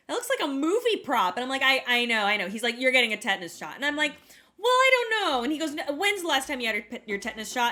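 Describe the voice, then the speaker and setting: Young woman co-host, bright and slightly high voice, lively self-mocking storyteller. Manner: animated, self-mocking, acts out quotes. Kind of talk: casual storytelling chat.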